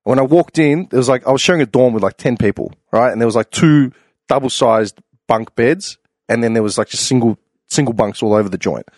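A man talks at a rapid clip, rambling through an anecdote with loose slang and the odd curse. His voice sits in an ordinary middle register. The sound is dry and close, with no room around it. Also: mid-range voice, no room sound. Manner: animated rambling storyteller, slangy, swears. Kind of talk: casual chat.

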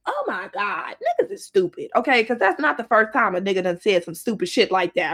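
Animated, profane woman telling a story. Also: brisk, few pauses. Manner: animated, profane, laughs often, swings into high-pitched outbursts. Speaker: storyteller recounting her dating life. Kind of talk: casual storytime monologue.

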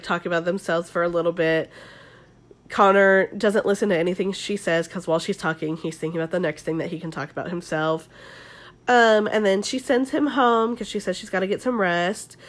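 A young woman with a Southern Californian accent, sick with the flu, recapping a reality show on her podcast in a chatty, swearing style full of likes and ums. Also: mid-range voice. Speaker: podcast host.

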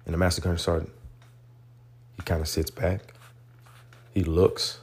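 A man hosting a podcast, telling a personal story in an animated, earnest way and drawing a motivational lesson from it. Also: low voice, a little slow, husky. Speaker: podcast host. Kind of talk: storytelling monologue.

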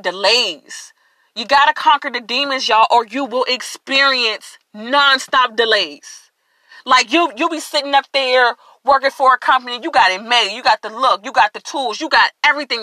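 A woman's voice: sits high, pushed and bright, no echo. A woman hosting a podcast, giving an emphatic, preachy motivational faith talk and addressing listeners directly. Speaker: podcast host.

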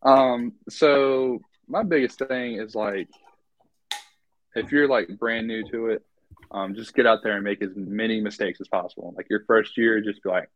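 A man's voice: on the low side, fairly even intonation, moderate pace, no room sound, lo-fi sound. A man from North Carolina speaking as a guest in a casual podcast interview. He talks in an easygoing, hesitant way with many fillers.

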